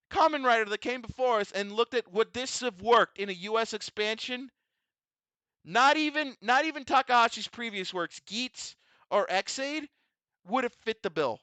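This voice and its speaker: A man's voice: very high voice, sharp tone, dry recording. A man gushing emotionally as a fan, emphatic and repetitive, swearing freely as he praises a show. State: emotional, overwhelmed. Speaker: vtuber host reviewing a tokusatsu episode. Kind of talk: excited fan commentary.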